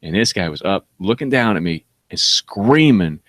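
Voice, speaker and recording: A man spins a crude story in a loose, swearing comedy-podcast style, his pitch jumping all over the place. The recording is dry and close, with no room sound. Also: normal speed, dry recording. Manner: animated, swearing, laughs often. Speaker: podcast co-host.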